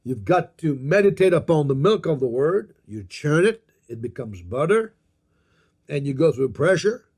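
A man's voice: a little high, very animated, darkish tone, husky. A man preaching a sermon, reading scripture aloud, repeating key phrases and calling on the congregation to answer back. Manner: slow and emphatic, reads scripture aloud. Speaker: pastor.

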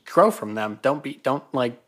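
A woman's voice: rumbling low, expressive, moderate pace. A woman co-hosting a podcast, agreeing and chatting casually about an anime episode. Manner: laughs easily, agreeable. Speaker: podcast co-host. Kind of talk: casual anime recap chat.

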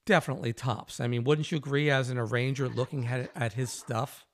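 A male interviewer recounting a tale in a casual, animated way. He acts out the quoted lines and laughs easily as he goes. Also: mid-range voice, a little fast. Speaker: host.

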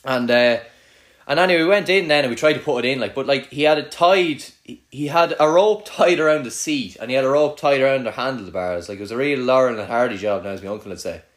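A man's voice: medium pitch, fast talker. A young man with an Irish accent from Kildare, hosting casual banter with a friend, teasing and swearing a lot, with many "like"s.

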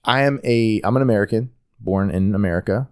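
Here the North Carolina podcast host, with his Southern accent, speaks in a fairly low, clear, resonant voice at a brisk clip. The talk is casual and meandering, and he keeps restarting what he's saying.

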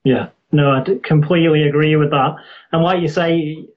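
A man's voice: fairly high pitch, fairly even intonation, moderate pace. Hesitant male interviewer, lo-fi. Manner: hesitant, many fillers. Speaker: interviewer, host.

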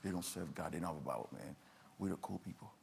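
A man's voice: low voice, fast, creaky, a little mellow, slight background noise, voice pushed down. A man voicing a cocky young male peer who taunts a churchgoer in a slangy, dismissive way. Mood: mocking.

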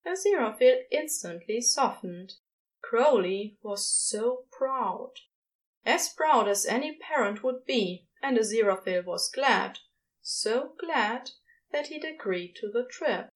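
A woman reading a fan story aloud in a gentle, expressive narration. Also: on the high side, slow pace. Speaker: podfic reader. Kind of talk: scripted narration.

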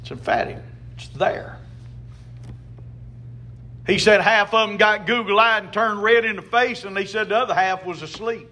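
High-voiced, emphatic preacher man. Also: brisk, hardly any pauses, bright, forceful tone. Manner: emphatic preaching with call-and-response. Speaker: pastor. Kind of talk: sermon.

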